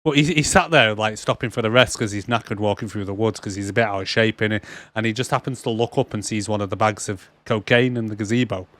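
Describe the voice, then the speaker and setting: A man's voice: fairly low pitch, fast talker, fairly bright tone, dry recording. A young man, co-hosting a casual film podcast, laughing a lot and acting out lines in silly voices. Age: young adult. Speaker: podcast co-host. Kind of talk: casual film review chat. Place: cold room.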